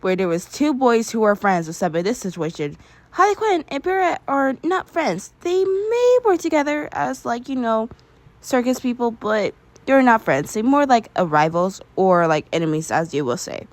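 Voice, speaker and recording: A young woman in casual chat, sharing excitable, rambling fan theories with frequent giggles. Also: on the high side, normal speed, no echo.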